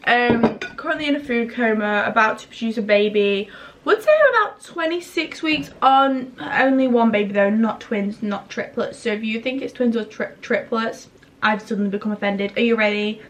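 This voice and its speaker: A young woman vlogging at home, chatty and self-mocking, rambling through story times from her bedroom and kitchen. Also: a little high. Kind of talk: casual chatty vlog.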